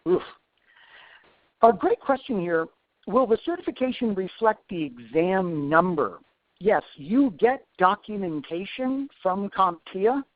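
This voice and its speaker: A man's voice: sits high, very animated, a little slow, no echo. A man in his forties, an instructor answering questions in a live webinar, chatty with self-deprecating asides. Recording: tinny phone-like dry sound.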